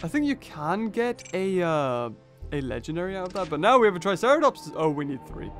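A gaming channel host, a young man, gives brisk let's play commentary in a high, lively voice that jumps up and down with every turn. He talks through each move and bursts into excited exclamations while soft game music plays quietly in the background.

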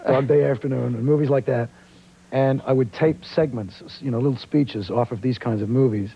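A man's voice: mid-range voice, a little fast, creaky, husky. A man from Australia who speaks with a New York accent, telling stories as an actor guest on a talk show. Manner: relaxed storytelling, animated. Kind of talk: casual talk show chat. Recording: dull lo-fi 1990s TV tape.

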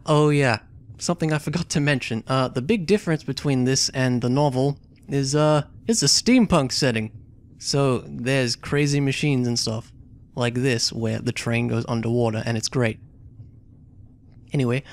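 A man's voice: medium pitch, normal speed. A man hosting a let's play, chatting casually and hesitantly while he plays a story game.

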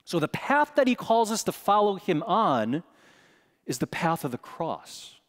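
Middle-aged male preacher, slightly high voice, lively storyteller, chapel reverb. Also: measured pace. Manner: animated storytelling, acting out voices in quotes. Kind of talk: sermon with personal story. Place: large chapel.

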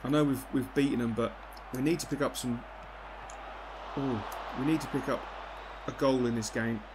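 Excitable gamer man, cursing. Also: medium pitch, moderate pace, background noise. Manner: excitable, swears and yells at the game. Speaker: gaming YouTuber. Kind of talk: live football game commentary.

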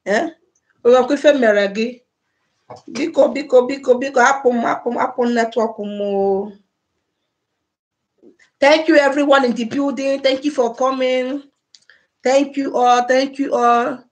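A woman's voice: high-pitched, steady tone, measured pace, long pauses. A Nigerian woman hosting a casual livestream on a phone or laptop mic, repeatedly pleading with and effusively thanking her viewers. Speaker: livestream host.

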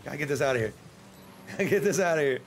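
An American man streaming a game, chatting casually in a joking, rambling way and breaking into sudden excited yelps. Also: a little high, fast talker, a little hiss or hum. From United States. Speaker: livestreamer. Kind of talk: casual gameplay livestream commentary.

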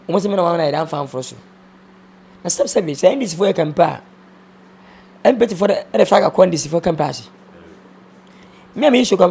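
A man's voice: a little high, vocal fry, a little mellow, husky. A man with a Ghanaian accent, speaking as an interview guest, subdued and mixing in English words. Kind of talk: emotional interview talk.

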